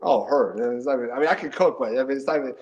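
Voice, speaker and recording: A middle-aged man from the New Jersey and New York area, chatting as a guest in a casual interview, animated, often repeating words and laughing. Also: medium pitch, rapid-fire, lo-fi sound.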